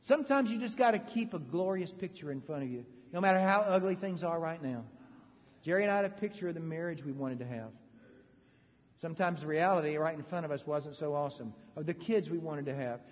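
A man preaching a sermon, animated and joking with the audience, swinging between loud bursts and hushed moments. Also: a little high, a little fast. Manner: joking, conversational asides to the audience. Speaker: pastor. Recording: reverberant hall, dull lo-fi sound.

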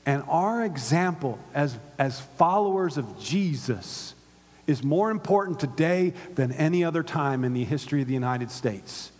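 A man preaching a sermon to his church, with call-and-response and swings from hushed to loud. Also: fairly high pitch, animated, moderate pace. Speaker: pastor. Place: synagogue hall used by a church. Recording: long reverb of a large hall.

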